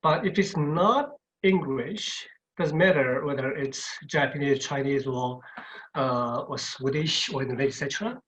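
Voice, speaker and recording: A man's voice: mid-range voice, normal speed, a bit bright. A man lecturing in an online webinar, repeating words and checking in with "okay" as he goes. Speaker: university lecturer. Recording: dull lo-fi webinar audio.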